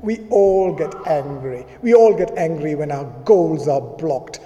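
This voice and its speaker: Male pastor, conversational sermon, raised pitch, long church-hall echo. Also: a little slow, dark tone. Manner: conversational preaching, acting out quoted speech.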